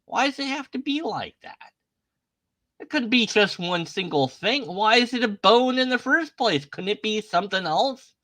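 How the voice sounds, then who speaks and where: A YouTube host with a high, bright, forceful voice talks at a moderate pace, animatedly and sarcastically commenting on images. He fires off a string of questions and slips into mock voices.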